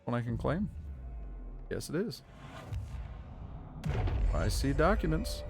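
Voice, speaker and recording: A man's voice: medium pitch, sing-song, slow pace, vocal fry, music in the background. A man chatting and joking with his viewers while streaming a video game. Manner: chatty, joking, talks to chat. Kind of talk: casual gaming livestream commentary.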